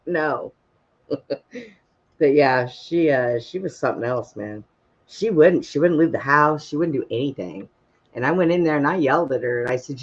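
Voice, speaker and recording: A man's voice: medium pitch, expressive, moderate pace, pauses often. A man spins casual personal stories in a blunt, folksy way, swearing easily and laughing at his own tales. His voice sits in an ordinary middle register. The sound is dull and lo-fi, like an online call. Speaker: open mic storyteller.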